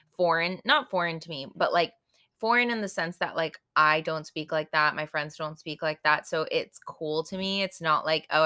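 A woman's voice: lowish voice, bright, forceful tone. A woman in her twenties hosting a podcast, chatting casually and rambling, full of fillers, frank and playful with swearing. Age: 20s. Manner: rambling, full of "like" and "I don't know". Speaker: podcast host. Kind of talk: casual solo podcast chat.

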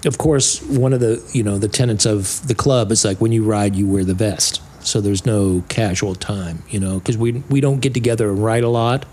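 A man's voice: on the low side, fairly even intonation, normal speed, few pauses, darkish tone, slight background noise. A man who rides with a motorcycle club, talking in a casual podcast chat, swearing freely and mimicking other people's voices as he rants. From California. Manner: profane, ranting, acts out other people's voices.

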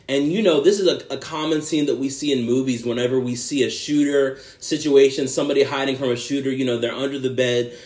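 A man's voice: medium pitch, a little mellow, echoey room. A man hosting a podcast, telling a film's plot in a rambling, enthusiastic way with asides to his listeners. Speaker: podcast host. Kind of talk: casual movie review.

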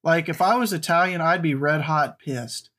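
Casting note: male podcast host, a bit higher-pitched than average, blunt and rambling movie talk. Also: moderate pace, a bit bright. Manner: rambling, blunt, restarts often. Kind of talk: casual movie chat.

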